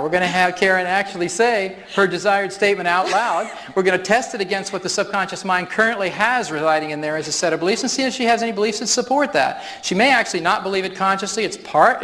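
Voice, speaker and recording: In a large, reverberant hall full of people, a man gives a live stage demonstration at a workshop, explaining each step and chuckling often. His voice sits high with a fairly bright tone.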